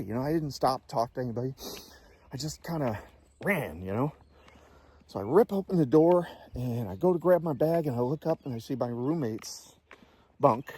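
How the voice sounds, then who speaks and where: A man's voice: medium pitch, animated, normal speed, mellow, slightly rough. A man in his sixties, a Navy veteran telling a casual war story in a blunt, salty way and swearing freely.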